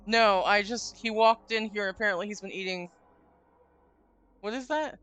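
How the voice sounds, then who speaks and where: Speaking at a normal pace in a clean, fairly bright mid-range voice, a streamer host rambles through a lengthy story in a relaxed chat, swearing now and then. She's at home in her stream room, and spooky music drifts faintly in the background.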